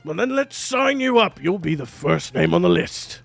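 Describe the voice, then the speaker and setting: A man puts on a hulking half-orc woman who bakes pies and teases everyone. Her voice is a little raised and gravelly, loud and drawn-out, with a tabletop-game flavor. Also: high-pitched, sing-song, no room sound, faint music behind, exaggerated voice. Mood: bold hearty. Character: brawny half-orc woman pie-maker, bold, flirty.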